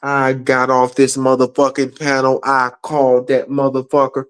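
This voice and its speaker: A man's voice: mid-range voice, completely flat delivery, moderate pace, a bit bright, clear, resonant tone. A man angrily ranting on a livestream, profane and repeating himself. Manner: angry, profane, repetitive. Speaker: guest. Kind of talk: heated livestream rant.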